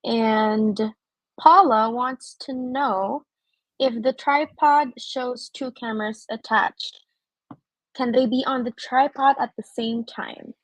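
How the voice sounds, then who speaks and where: A woman assistant on a live online class reads out viewer questions in a plain, matter-of-fact way. Her voice is a little higher than usual and the sound is dry and close. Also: fairly even intonation, slow pace, dry recording, low-quality recording.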